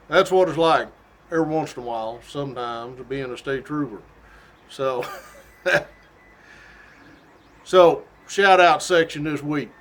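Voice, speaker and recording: Folksy storytelling man, slightly high voice. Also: unhurried, long pauses. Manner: animated, laughs often, folksy drawl-like phrasing. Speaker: state trooper telling stories. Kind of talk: casual storytelling.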